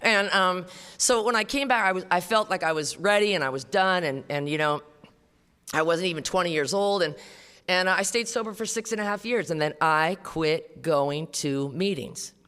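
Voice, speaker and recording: Casting: a woman telling her story to a meeting, blunt and salty, bright-voiced, in a reverberant hall. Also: fairly low pitch, normal speed, clean tone. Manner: blunt, profane, conversational storytelling. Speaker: recovery meeting speaker. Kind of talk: personal testimony talk. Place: meeting hall before an audience.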